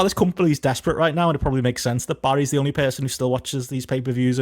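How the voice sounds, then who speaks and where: A man's voice: mid-range voice, no room sound, clean studio sound. A man in his thirties co-hosting a podcast, telling rambling anecdotes with laughing asides. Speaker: podcast co-host. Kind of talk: casual podcast chat.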